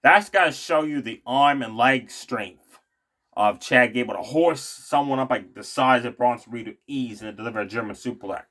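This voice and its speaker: Man, casual wrestling recap, rambling, lots of fillers, opinionated asides, middle pitch. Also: normal speed, bright, forceful tone. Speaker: wrestling show recap vlogger.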